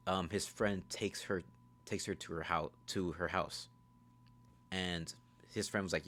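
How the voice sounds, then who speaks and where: Male movie reviewer with a deep voice, casual and profane, rambles through a plot recap with lots of "like" and "bro". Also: fairly even intonation, a bit bright, a little hiss or hum. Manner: rambling, profane, fast storytelling.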